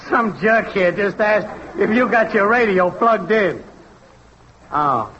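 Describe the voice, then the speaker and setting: A brash, high-pitched network technician in a radio comedy. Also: male voice, lively intonation, slow pace. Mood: phone banter. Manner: loud, slangy, sing-song test calls. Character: brash wisecracking male network technician, slangy and pushy. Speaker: comic actor in a radio sketch. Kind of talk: 1940s radio comedy acting. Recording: dull noisy 1940s radio broadcast.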